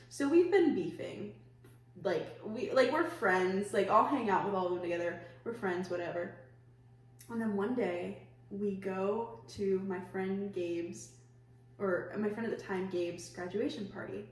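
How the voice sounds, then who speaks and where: A woman's voice: mid-range voice, a little slow. Young woman telling a rambling story. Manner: rambling, heavy use of "like", laughs often. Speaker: podcast co-host. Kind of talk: casual storytelling chat. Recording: echoey room, mic at a distance, faint hiss.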